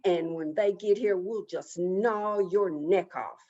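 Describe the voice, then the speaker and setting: A woman voicing a bossy, boastful male beaver who proclaims loudly in an oral folk tale, on a dull lo-fi recording. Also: medium pitch, takes it slowly.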